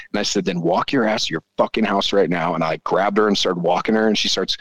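A man in his forties, a podcast guest telling stories in casual chat, swearing freely and animated. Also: lowish voice, fast, hardly any pauses, slightly rough, no echo. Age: 40s. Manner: profane, animated storyteller.

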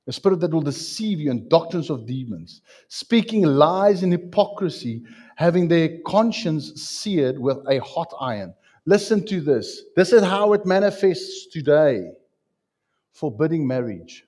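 A man's voice: a little high, animated, normal speed, mellow. A man preaching a sermon in an emphatic way, repeating phrases and asking his listeners questions.

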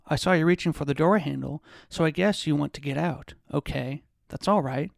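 A man reading the part of a menacing, controlling man who speaks in a calm, taunting, bullying way. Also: a little high, fairly quick, gravelly, no room sound, studio quality.

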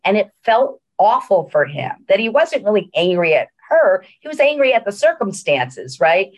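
A woman's voice: medium pitch, very animated, moderate pace, hardly any pauses. A middle-aged woman, a senior living executive, telling a story in a casual interview with many fillers and restarts.

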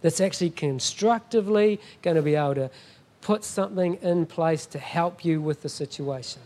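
A man's voice: on the high side, moderate pace, a little mellow. A middle-aged man preaching a sermon as a guest pastor, emphatic and often asking the congregation "Amen?".

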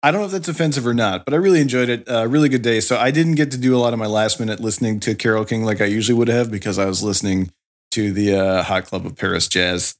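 A man in casual podcast chat who rambles through stories with frequent filler pauses. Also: on the low side. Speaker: podcast co-host.

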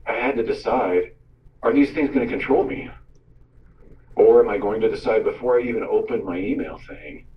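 A man who works as a radio host gives a teaching talk, telling stories and acting out the voices in his quotes. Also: fairly low pitch. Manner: storytelling, animated, acts out quotes. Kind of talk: sermon-style teaching talk. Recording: roomy, distant, dull sound.

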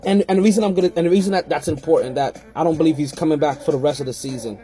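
A man's voice: fairly high pitch, rapid-fire, mellow, faint music behind. A man hosting a fantasy football podcast in a casual, rambling way, often repeating and correcting himself. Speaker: podcast host.

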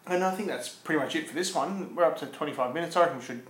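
Man, casual podcast host, laid-back, laughing, slightly high voice, echoey room. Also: racing, a bit bright. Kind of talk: casual chat.

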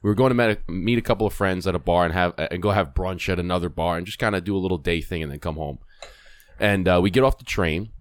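A middle-aged podcast host with a deep voice and quick pace tells a story in casual conversation. He's animated, acts out quoted voices, and restarts often.

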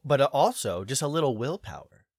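A man's voice: medium pitch, normal speed, no echo. A man co-hosting a podcast, talking in a loose ranting way and swearing often. His voice sits in the middle range. The sound is dry and close. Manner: ranting, animated, swears freely. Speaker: podcast co-host. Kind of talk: casual podcast chat.

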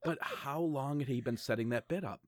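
A man who does stand-up comedy, talking casually and quickly as a podcast co-host, swearing now and then. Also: mid-range voice, a little hiss or hum.

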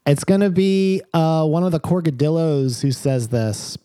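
A man running a tabletop world-building game, talking haltingly with fillers and restarts. His voice is high-set but dark and mellow in tone, recorded dry and close. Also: expressive, clear, resonant tone, dry recording. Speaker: game master.

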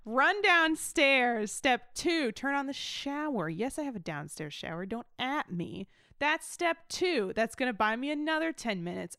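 A woman's voice: sits high, big pitch swings, unhurried, sharp tone, clean tone, dry recording, clean studio sound. Playful woman riffing on a video call. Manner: playful, riffing, puts on silly voices. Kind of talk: casual comedic chat.

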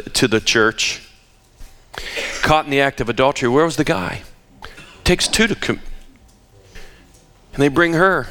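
A man preaching a sermon, asking rhetorical questions and dropping to hushed tones for emphasis. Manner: dramatic, drops to hushed low tones for emphasis; asks the audience rhetorical questions.

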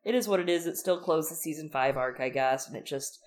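Young female podcast co-host, slightly low voice, animated and gushing, acts out quotes. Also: a little fast. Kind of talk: casual chat recapping a TV episode.

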